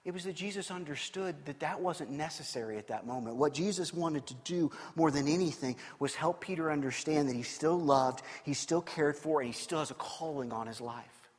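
A man preaching a sermon as pastor, telling stories with animated swings between loud emphasis and hushed, quiet passages. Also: a little high, brisk, hardly any pauses, in a large hall.

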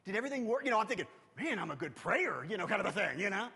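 A man preaching in a church hall with a high, lively voice that leaps up and down. His delivery is animated and urgent, then sinks to a hush, and long reverb hangs behind every phrase. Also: racing, creaky, husky. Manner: animated preaching, swinging from loud urgency to hushed intimacy. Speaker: youth pastor. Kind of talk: sermon.

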